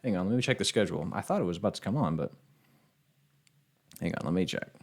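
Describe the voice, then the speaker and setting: A man's voice: deep voice, quick pace. A man streaming a fighting game, chatting casually with viewers and trash-talking his opponents with plenty of swearing. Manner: excitable, profane trash talk to chat. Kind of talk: casual live-stream gameplay commentary.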